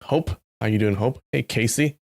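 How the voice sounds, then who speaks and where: This man's gravelly, lowish voice moves at a moderate pace as he hosts a live stream where he reads a novel. He's chatty with viewers, greeting them by name and breaking into animated asides.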